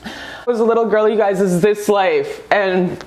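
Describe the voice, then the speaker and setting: A woman's voice: mid-range voice, measured pace, darkish tone. Woman, psychic reader, emphatic, salty language, mid-range voice, echoey room. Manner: emphatic, profane, calls listeners "baby" and "you guys". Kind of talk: motivational self-love monologue.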